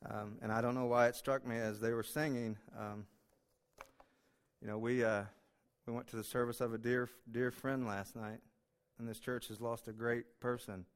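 A man delivers a church sermon in a relaxed, emotional way, often pausing on "uh" fillers. His voice is smooth and clear at an ordinary pitch for a man. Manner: emotional, chatty, self-deprecating, many fillers. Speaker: guest preacher. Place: church sanctuary.

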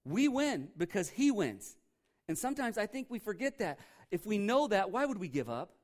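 A man preaching a sermon as pastor, emphatic and animated, often repeating phrases for effect. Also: high-pitched, normal speed. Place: church.

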